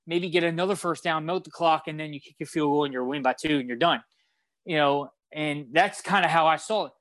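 A young man co-hosting a sports podcast, animated and fast-flowing as he retells a game and acts out his own shouting at the TV. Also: on the high side, no echo. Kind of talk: casual sports talk.

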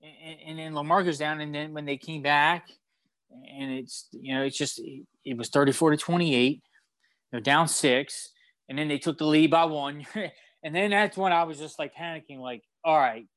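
Excitable sports-talk man, dry close sound. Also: a little high, moderate pace, dry recording. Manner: animated storytelling, acts out his own yelling. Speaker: sports podcast co-host.

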